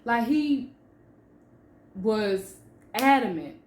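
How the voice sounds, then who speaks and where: A woman author sharing a personal story with emphatic, animated delivery, then reading from her book. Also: fairly high pitch, drawn-out words, slight background noise. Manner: emphatic and animated, with swings in loudness. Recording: echoey room.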